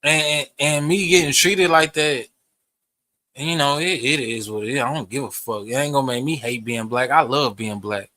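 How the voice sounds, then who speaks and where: A man's voice: mid-range voice, normal speed, bright, forceful tone. A young man, ranting profanely to camera in a heated, rambling way. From Texas. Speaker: vlogger. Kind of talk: casual rant to camera.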